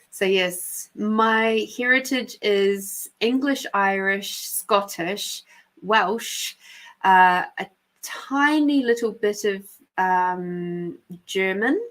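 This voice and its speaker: A woman from New Zealand with a New Zealand accent, hosting a live stream and chatting casually with viewers, unhurried and quick to laugh. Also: mid-range voice, fairly bright tone. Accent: New Zealand, softened by years in South Australia. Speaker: podcast host and intuitive reader.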